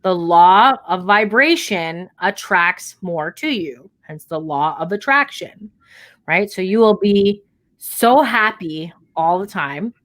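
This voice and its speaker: A woman's voice: on the low side, animated, takes it slowly, fairly bright tone. A woman co-hosting a podcast, talking listeners through a motivational pep talk in a direct, coaching way with casual swearing. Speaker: podcast co-host.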